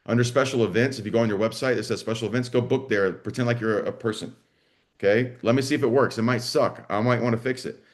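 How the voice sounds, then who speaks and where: A man's voice: mid-range voice, fast talker. A man coaching a live online session for school owners, blunt and salty, often acting out both sides of a conversation. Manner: blunt, salty, energetic, acts out dialogue. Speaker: business coach for martial arts school owners.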